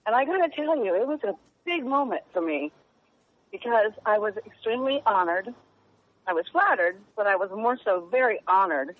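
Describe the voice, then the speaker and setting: A woman journalist speaking as a radio guest in an earnest, halting, heartfelt way. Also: mid-range voice, lively intonation. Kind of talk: phone-in radio interview. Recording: tinny phone line.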